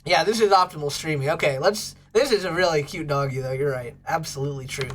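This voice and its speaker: A woman's voice: sits low, wildly swooping pitch, moderate pace, pauses often, a bit bright, slight background noise. A woman hosting a casual livestream, bubbly and gushing as she chats with viewers. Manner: bubbly, gushes over pets and thanks chat. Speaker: livestream host.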